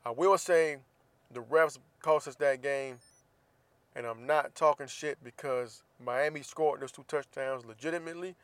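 A man's voice: mid-range voice, measured pace, smooth, no room sound. Man, podcast host, blunt and profane, dry close sound. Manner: profane, blunt sports venting. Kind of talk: casual solo podcast rant.

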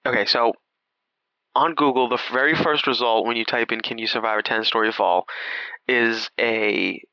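A man co-hosting a podcast, recapping a movie in crude, laughing, animated casual chat. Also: mid-range voice, moderate pace, smooth, dry recording, muffled recording. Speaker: podcast co-host.

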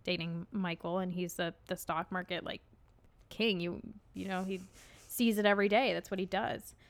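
A young woman with a Midwestern American accent, co-hosting a podcast in casual chat, quick and giggly as she tells stories. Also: fairly low pitch. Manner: fast-talking, giggly, animated storyteller. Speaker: podcast co-host.

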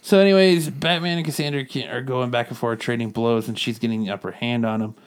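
A man's voice: mid-range voice, steady tone, fast talker. Casual man recapping a comic. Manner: rambling recap, quotes characters in passing. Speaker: podcast co-host reviewing comics. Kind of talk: casual chat.

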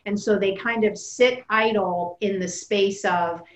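A woman's voice: mid-range voice, fairly even intonation, unhurried, reverberant, low-quality recording. A woman hosting a podcast, asking a guest long, encouraging questions. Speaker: podcast host. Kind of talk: interviewing a guest.

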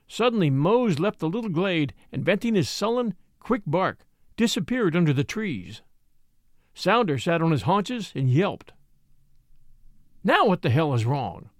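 A man narrating a written adventure story aloud in a brisk, expressive storytelling manner. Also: sits high, no echo, clean studio sound. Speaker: audiobook narrator. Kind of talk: scripted narration.

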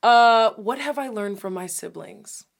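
A woman's voice: a little high, unhurried. A young woman talking candidly and expressively in a casual podcast chat.

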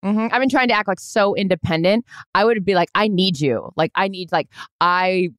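A woman's voice: medium pitch, moderate pace, clear, resonant tone, no echo. Joking rambling woman podcast co-host. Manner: joking, rambling, swears freely. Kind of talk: casual chat.

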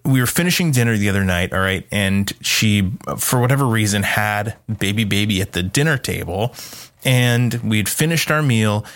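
A man's voice: lowish voice, moderate pace. A man in his thirties, a podcast co-host, telling a family story in casual chat and acting out quotes. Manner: animated, acts out quotes with a raised voice.

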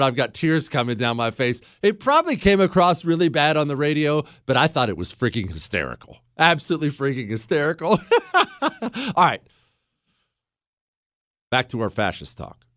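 A man's voice: high-pitched, no room sound. A man hosting a radio talk show, telling a story with emphatic, self-deprecating humor, then moving into political commentary, in a studio.

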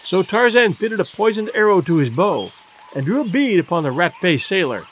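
Expressive male audiobook narrator. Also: high-pitched, a little hiss or hum. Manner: measured, expressive storytelling. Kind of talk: scripted narration.

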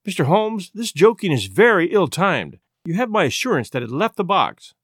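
A man reading the part of an excitable, insistent government secretary, his voice lifting high and loud. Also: moderate pace, husky, no echo, clean studio sound, heavily acted. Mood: agitated.

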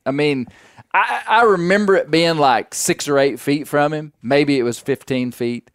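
Ein Mann aus dem amerikanischen Süden moderiert einen Podcast und erzählt locker und weitschweifig, mit vielen Füllwörtern. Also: male voice, fairly high pitch, moderate pace, no room sound, clean studio sound. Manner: folksy, rambling with fillers and restarts. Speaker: podcast host. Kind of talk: casual storytelling chat.

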